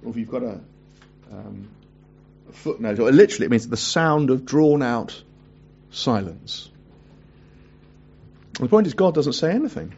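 A man preaching a sermon who asks his listeners questions and reads scripture aloud in a hushed voice. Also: medium pitch, very animated, unhurried, creaky, pauses often, breathy edge. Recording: dull lo-fi recording.

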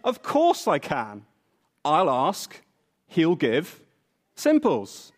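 A man's voice: fairly high pitch, wildly swooping pitch, very slow, full character voice. A man voicing a bold, pushy man who ignores social protocol, in a story told during a sermon. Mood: breezy confident.

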